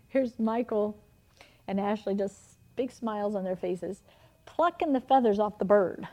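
A middle-aged woman preaching a sermon, telling animated personal stories with frequent laughter. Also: mid-range voice, measured pace.

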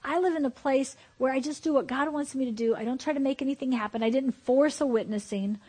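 Husky-voiced woman preaching animatedly. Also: high voice, fast talker. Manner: animated, anecdotal, emphatic. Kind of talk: informal sermon.

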